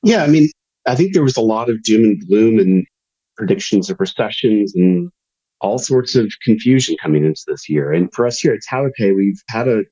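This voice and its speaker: A male business guest who explains his company's work in a steady, matter-of-fact way. His voice is low, dark and husky. The audio comes across dull and lo-fi. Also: normal speed. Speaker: panel guest, payments business. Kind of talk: conversational business talk.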